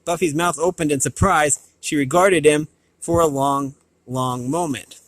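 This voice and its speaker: A man reads a novel aloud in a slightly high voice, recorded dry and close. He trips over words and backs up to fix them, drops in short asides, and lifts his pitch for the characters' lines. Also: steady tone, unhurried, no room sound. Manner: stumbles and restarts on words, adds asides; raises pitch for quoted dialogue. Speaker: reader.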